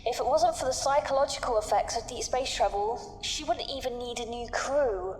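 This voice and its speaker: An actress playing a calm female crew member who explains grim facts plainly. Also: fairly high pitch, normal speed, in a large hall, slight background noise, close to an everyday voice. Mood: matter-of-fact.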